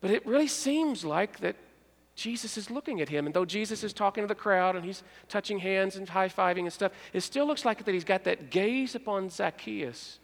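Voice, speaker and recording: A man delivers a storytelling sermon in a church sanctuary, and his voice sits noticeably high for a man. The sound carries a long hall reverb. He acts out characters' lines and drops to hushed tones at key moments. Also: animated, moderate pace, creaky. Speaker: pastor.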